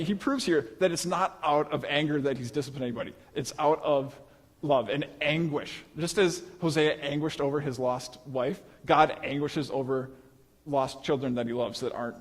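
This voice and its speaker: A man's voice: on the high side, moderate pace. A man giving a conversational sermon, acting out quoted voices as he speaks. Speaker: preacher. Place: church hall. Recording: long reverb of a live hall.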